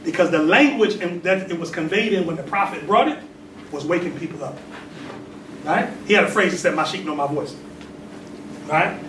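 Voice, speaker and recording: A man's voice: a little high, moderate pace, pauses often, fairly bright tone. A man in his forties preaching in a temple hall. He reads aloud, laughs between points and asks the congregation questions. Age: 40s. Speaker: religious teacher. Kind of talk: sermon with call and response. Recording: echoey hall, mic at a distance, noisy.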